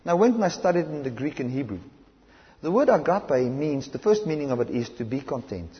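A man with a South African accent preaching a sermon, impassioned and swinging between loud emphasis and hushed lines. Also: a little high, very animated, brisk. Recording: dull lo-fi recording in a reverberant hall.

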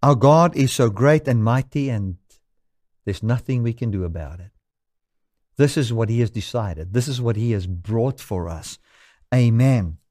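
A man from South Africa delivers a sermon in an earnest, middle-pitched voice. He slows down to stress key lines, and the sound is dry and close. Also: darkish tone, dry recording. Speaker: preacher.

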